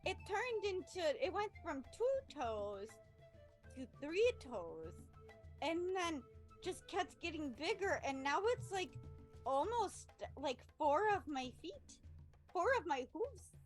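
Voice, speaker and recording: A hesitant female tiefling adventurer with hooves, put on by a woman player. She speaks in a very high, slow and halting voice. Soft music plays faintly underneath. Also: very animated, full character voice. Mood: amazed.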